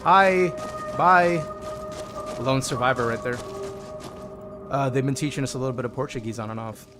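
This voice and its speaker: A man's voice: medium pitch, level tone, quick pace, music in the background. A man streaming a modded game, chatting casually with viewers and reading their chat messages aloud.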